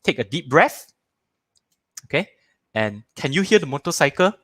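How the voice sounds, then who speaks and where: A man's voice: on the high side, normal speed, no echo. A man in his thirties with a Malaysian English accent teaching a live online parenting workshop, repeating words for emphasis and acting out little scenes in different voices. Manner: animated, acts out little scenes in shifting voices.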